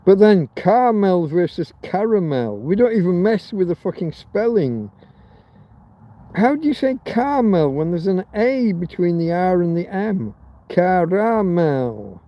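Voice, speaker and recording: A man's voice: sits high, animated, a little slow, muffled recording. A man from Britain hosting a rambling livestream chat, crude and joking, swearing freely. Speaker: livestream host. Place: outdoors in a field in Spain.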